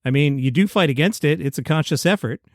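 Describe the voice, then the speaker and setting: A man hosting a daily comedy news show, reading a script in a steady announcer-like way. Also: on the high side, fast, dry recording, studio quality. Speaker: news host.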